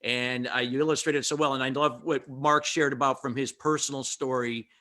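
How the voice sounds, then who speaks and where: A man's voice: medium pitch, steady tone, fairly quick, sharp tone. A man hosting a radio interview show, enthusiastic and affirming toward his guests.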